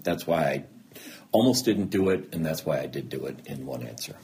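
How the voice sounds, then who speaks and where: A low-voiced man speaks candidly about his own past, earnest and a little self-deprecating, acting out the dialogue he remembers. His delivery swings widely in pitch, and a faint background hiss sits under the recording. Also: expressive, brisk, a little mellow. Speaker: interview guest. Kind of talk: candid personal story in an interview.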